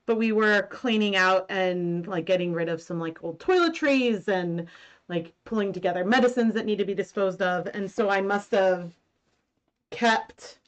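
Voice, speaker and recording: A woman in her thirties hosting a casual knitting live stream from home, talking in a rambling way with many fillers. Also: medium pitch. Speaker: knitting and yarn-dyeing host.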